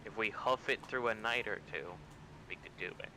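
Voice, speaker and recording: Bright-voiced man in a game chat. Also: on the low side, normal speed, slight background noise, rough recording. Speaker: tabletop game player. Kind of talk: casual game chat over voice call.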